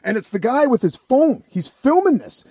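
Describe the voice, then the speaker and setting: A man's voice: very high voice, sing-song, moderate pace, warm tone, slightly rough, no room sound, studio quality. A man telling a rambling, profane story in a casual vlog.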